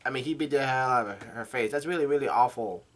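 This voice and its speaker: A man host reading through a comic chapter casually, in a halting way, stumbling over names and adding his own asides. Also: mid-range voice. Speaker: manga reader and channel host.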